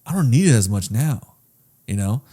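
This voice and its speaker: Mellow-voiced man, candid and profane. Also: mid-range voice, big pitch swings, normal speed, slightly rough. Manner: earnest, heavy swearing, trailing restarts; candid and reflective. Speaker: podcast host. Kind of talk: casual podcast chat.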